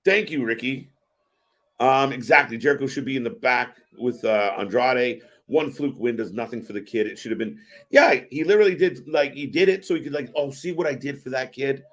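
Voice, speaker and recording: A man hosting a live wrestling watch-party stream, giving excitable, profane reaction commentary. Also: mid-range voice, a little fast. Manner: excitable and profane, swearing often.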